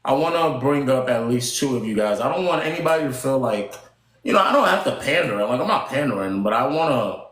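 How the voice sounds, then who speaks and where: A man's voice: medium pitch, lively intonation, a little fast, fairly bright tone, roomy sound. A young man hosting a casual live stream, playfully exasperated as he banters with his panel. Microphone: computer mic at a desk.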